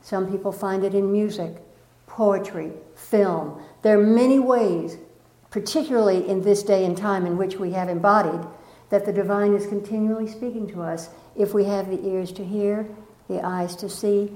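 A woman leading a spiritual gathering, who recites a poem slowly and then tells lively personal stories while urging the room to join in. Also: mid-range voice. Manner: animated storytelling, playful audience prompts, slow poem recitation. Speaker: spiritual teacher. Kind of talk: inspirational talk to a live group. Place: meeting room with an audience. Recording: echoey room.

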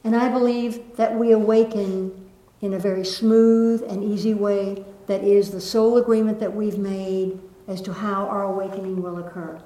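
A woman giving a gentle spiritual talk to a live audience, lilting and laughing softly. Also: medium pitch, flat delivery, moderate pace, few pauses. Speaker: spiritual teacher. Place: room with an audience. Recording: echoey room.

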